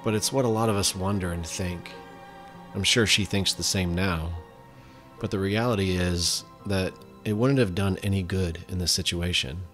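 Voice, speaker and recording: Male podcast host, very deep voice, measured scripted narration. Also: a bit bright, soft background music.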